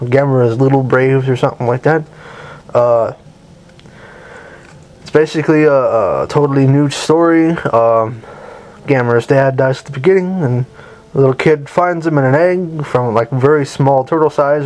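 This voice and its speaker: A man's voice: medium pitch, a little mellow. Rambling young man reviewing movies. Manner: rambling, enthusiastic, swears casually. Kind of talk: casual spoken review.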